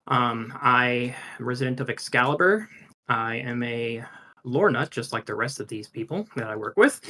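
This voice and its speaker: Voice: mid-range voice, animated, moderate pace, sharp tone. A panel co-host giving a casual lore presentation, enthusiastic, with frequent fillers.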